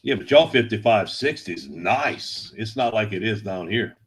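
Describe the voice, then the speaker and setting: A man chatting as a guest, laid-back, telling animated stories. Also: on the low side, normal speed, breathy edge. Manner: laid-back drawl, animated storyteller who acts out quotes. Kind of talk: casual storytelling chat.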